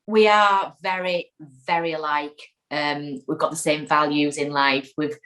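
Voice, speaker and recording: A woman's voice: low-pitched, poor audio. A woman, a guest in an interview, chatting casually and acting out quotes as she tells an anecdote. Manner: chatty, animated storyteller who acts out quotes. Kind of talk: casual chat.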